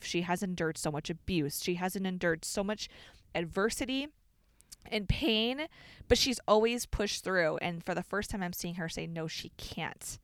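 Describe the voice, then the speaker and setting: A woman's voice: mid-range voice, clear, resonant tone, dry recording. A young woman from the Chicago suburbs, co-hosting a podcast and telling a family story in casual chat, swearing freely and filling her talk with "like". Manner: animated, swears freely, many "like" fillers. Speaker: podcast co-host.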